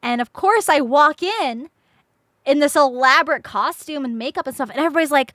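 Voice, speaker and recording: A woman's voice: high voice, lively intonation, a little fast, a bit bright, no echo, studio quality. A young woman streamer telling a story casually to her chat, laughing often and swearing freely.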